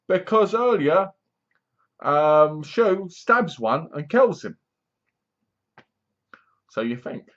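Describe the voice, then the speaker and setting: In a casual, ranting movie review, a man rambles scornfully about a horror film and keeps imitating its characters. His voice is on the high side with a fairly bright tone, though the recording is muffled.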